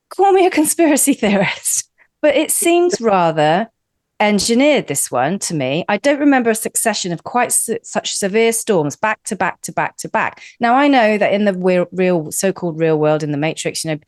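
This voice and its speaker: A woman from the UK co-hosting a talk radio show, talking in a chatty, animated way. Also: fairly low pitch, normal speed, no echo, studio quality. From United Kingdom. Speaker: radio co-host.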